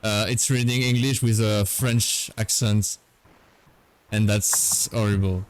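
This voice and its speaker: A man on a podcast panel speaks very slowly in a smooth, resonant voice pitched a little low. His remarks come out flat and indifferent, as casual chat on a call. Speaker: podcast co-host.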